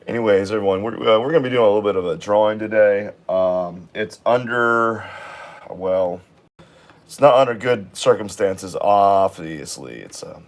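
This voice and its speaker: Sick raspy man chatting casually. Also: lowish voice. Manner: rambling, halting, with many fillers. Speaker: art vlogger. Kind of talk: casual chat while drawing.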